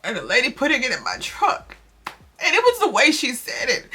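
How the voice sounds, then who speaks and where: Bright-sounding young woman vlogging to the camera, near tears, keeps repeating herself and saying y'all, faint music underneath. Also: high-pitched, wildly swooping pitch, moderate pace, husky. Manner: restarts and repeats words, addresses viewers as y'all. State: close to tears. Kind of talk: emotional confessional vlog.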